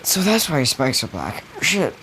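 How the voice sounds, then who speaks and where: A man voicing a young hero turned dragon who swears and answers in blunt, deadpan comebacks. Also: on the low side, moderate pace, a little hiss or hum.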